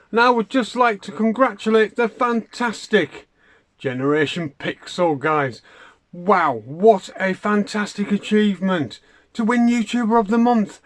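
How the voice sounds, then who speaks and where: A man's voice: high voice, a little slow. A man from the United Kingdom, a fellow video creator who sends in a question in a bubbly, effusive way, heaping on the praise.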